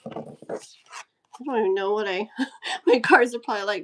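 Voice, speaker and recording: A woman hosting a casual live stream and pulling cards, giggly, gushing and easily excited. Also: mid-range voice, unhurried. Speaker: live-stream host and card reader.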